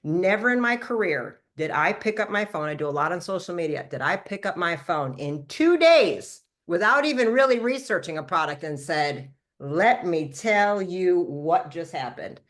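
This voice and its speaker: A woman in her fifties telling her skincare story to a live call, animated and talking fast, often jumping up in pitch to act out past conversations. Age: 50s. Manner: animated storytelling, acting out her own past lines in a higher voice. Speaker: product formulator and brand promoter. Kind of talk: testimonial talk to a live call.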